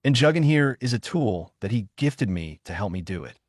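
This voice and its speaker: A man voicing a young male ninja who is cool-headed but quick to anger. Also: lowish voice, very animated, dry recording, studio quality. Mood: calm.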